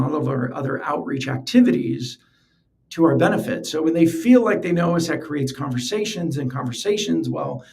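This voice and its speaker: Slightly high, creaky and a bit mellow, a man's voice carries a casual solo podcast. As host, he talks earnestly in a conversational way, repeating words as he thinks things through.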